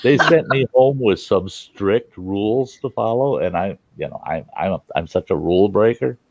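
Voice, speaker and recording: A man's voice: lowish voice, lively intonation, moderate pace, no room sound. An older American man hosting a casual chat, telling a rambling personal story frankly, with swearing and acted-out quotes. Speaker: host.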